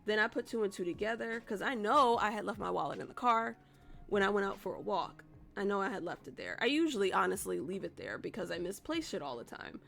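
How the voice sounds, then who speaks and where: Gravelly-voiced woman streamer telling a story. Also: medium pitch, expressive, brisk, fairly bright tone. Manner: chatty, profane, rambling with restarts. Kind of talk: casual storytelling to a live stream chat.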